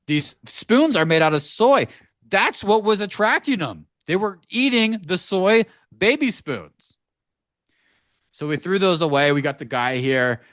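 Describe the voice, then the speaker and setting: Animated, swearing podcast host man. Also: high voice, a little slow, no echo, clean studio sound. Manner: animated, profane ranting storyteller. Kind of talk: casual podcast chat. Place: home basement studio.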